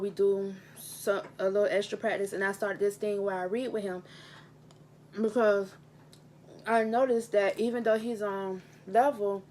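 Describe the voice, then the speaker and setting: A woman's voice: mid-range voice, darkish tone, a little hiss or hum. A young adult woman, a teacher, talking in a casual vlog at a table at home, earnest and heartfelt, repeating her points for emphasis, recorded on a camera mic. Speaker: teacher and vlogger. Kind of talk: casual mukbang vlog talk. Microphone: handheld camera mic.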